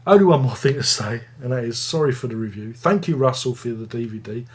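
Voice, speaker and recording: Guy doing a chatty review vid, kinda husky, goes off on tangents and cracks jokes about himself. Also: mid-range voice, animated, a little fast, darkish tone. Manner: rambling, jokey, self-mocking. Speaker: music reviewer, video host. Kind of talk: casual video review.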